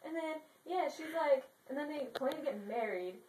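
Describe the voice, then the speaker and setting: A woman's voice: high voice, expressive, normal speed, a little mellow, slight background noise. Brash cussing woman retelling an old play, mic far off in a roomy space. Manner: crude, brash and profane. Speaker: storyteller. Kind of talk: joking slangy retelling of a classic play.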